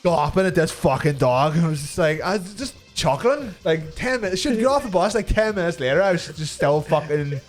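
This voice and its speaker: Higher-voiced Northern Irish man rambling. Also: expressive, fairly quick, hardly any pauses, faint music behind. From Northern Ireland. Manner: rambling, swears a lot, laughs through his story. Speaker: talk show co-host. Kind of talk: casual storytelling chat.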